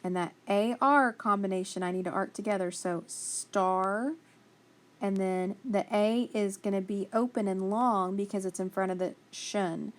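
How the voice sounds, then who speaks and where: A woman's voice: mid-range voice, fairly even intonation, measured pace. A woman teaching a phonics spelling lesson, patiently sounding out letters and praising each answer.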